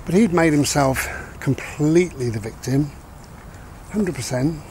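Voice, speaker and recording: Out with his dog, a man muses reflectively on life advice for his vlog, circling back to his main points in a loose, rambling way. His voice is a little high, a little slow and darkish, with slight background noise.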